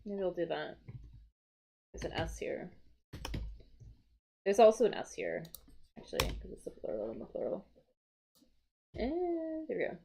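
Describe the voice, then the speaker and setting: Slow, lively woman teaching vocabulary. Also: medium pitch, creaky, breathy edge. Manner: slow, explaining, thinking aloud. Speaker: English teacher streaming crosswords. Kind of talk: live-stream vocabulary lesson.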